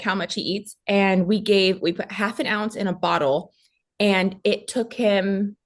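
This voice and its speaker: A young adult woman from Texas, a podcast guest telling a personal story in a casual, animated way and acting out what others said. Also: mid-range voice. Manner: animated, acts out quoted voices.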